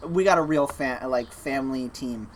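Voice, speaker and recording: A man's voice: mid-range voice, moderate pace, over a noisy crowd. A young man co-hosting a casual podcast, telling a work story with lots of acted-out quotes and laughter. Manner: animated storyteller, acts out quotes, laughs often. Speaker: podcast co-host.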